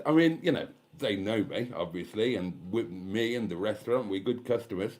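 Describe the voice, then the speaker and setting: A man's voice: on the low side, expressive, moderate pace, hardly any pauses, a little mellow. Camp, cheeky middle-aged man chatting. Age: 50s. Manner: camp, theatrical, cheeky asides. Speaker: channel host. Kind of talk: casual chat to viewers over wine.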